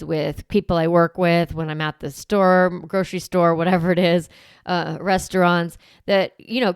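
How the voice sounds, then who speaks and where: A woman's voice: on the low side, clean tone, dry recording, clean studio sound. A woman podcast host coaching parents in a conversational, encouraging way. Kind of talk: podcast teaching monologue.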